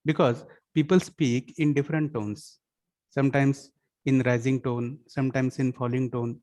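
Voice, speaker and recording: A man's voice: medium pitch, fairly even intonation, normal speed, a little mellow. A man, lecturing a class of students and often asking them whether they follow. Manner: keeps checking understanding with "yes or no?" questions; switches into Marathi and Hindi to explain. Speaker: college lecturer.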